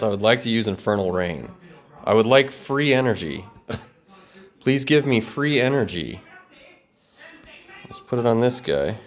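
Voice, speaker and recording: A man casually commenting on his own card game, animated and self-mocking. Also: medium pitch. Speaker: host, card game player.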